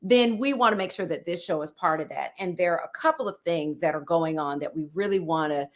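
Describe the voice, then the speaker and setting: A woman's voice: fairly low pitch, a little fast. A woman co-hosting a podcast, bantering casually with her co-host and moving the show on to new segments. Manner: warm banter, says "girl" often, then steers into topics. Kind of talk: casual chat.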